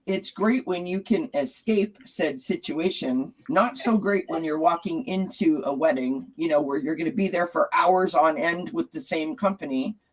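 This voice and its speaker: A man hosting a casual chat and telling a lively anecdote. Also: on the high side, rough recording. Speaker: host.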